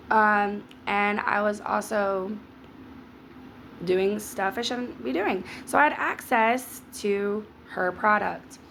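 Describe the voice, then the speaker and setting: A woman's voice: medium pitch, vocal fry, fairly bright tone, slight background noise. A woman telling her own story to camera in a frank, emphatic, casual way. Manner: frank, emphatic, calls listeners "baby". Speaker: social media creator sharing her story.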